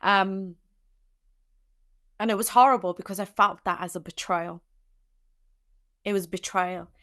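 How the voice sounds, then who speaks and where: A woman's voice: mid-range voice, steady tone, measured pace, fairly bright tone. A young adult woman, a podcast guest, tells a personal story in an emotional way, teary at times, with many restarts and fillers.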